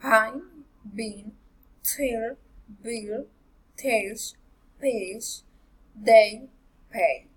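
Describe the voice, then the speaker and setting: A woman reading English pronunciation drills aloud, careful and halting, with repeats and self-corrections. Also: a little high, husky, rough recording. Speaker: pronunciation practice reader.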